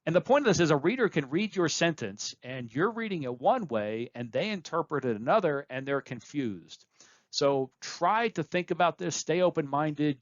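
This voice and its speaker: A man's voice: on the high side, no room sound, muffled recording. A man giving a recorded course lecture, explaining points plainly and repeating key phrases for emphasis.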